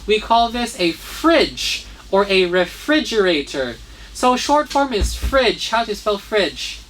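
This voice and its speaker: A woman's voice: medium pitch, big pitch swings, takes it slowly, slight background noise. Patient woman teacher spelling words aloud. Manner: spells words letter by letter, frequent "okay?" and "right?" checks. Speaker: English teacher. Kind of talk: children's vocabulary lesson.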